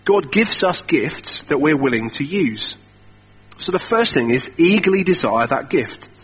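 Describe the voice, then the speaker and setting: A man's voice: a little high, sing-song, unhurried, a bit bright, slightly rough. A young man preaching a sermon in a conversational, self-deprecating storytelling way.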